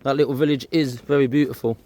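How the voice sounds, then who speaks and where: Quick-paced and mellow, a man's mid-range voice keeps fairly even intonation as he chats on camera. He's walking a disused railway trail outdoors, vlogging and pointing out sights as he goes.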